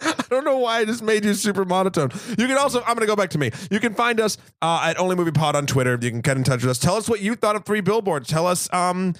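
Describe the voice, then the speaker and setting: Rambling, playful podcast host with a high voice. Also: male voice, expressive, a little fast, a bit bright, dry recording, studio quality. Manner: rambling, self-correcting, playful. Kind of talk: casual film podcast chat.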